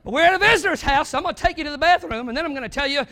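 Brief: high-pitched young adult male preacher, sermon delivery, dry close sound, quiet then shouting. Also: racing, hardly any pauses, no echo. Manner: dramatic swings from hushed to shouting.

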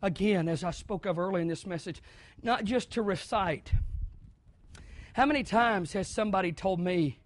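A man from the American South preaching a sermon, moving from quiet, conversational talk up to loud, shouted preaching. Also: sits high, expressive, normal speed, no echo.

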